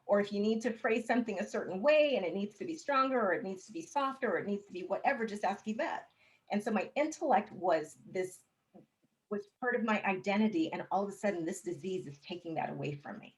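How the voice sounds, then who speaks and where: A woman telling her personal story as an interview guest, candid and expressive, with touches of humor. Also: mid-range voice, fast, low-quality recording.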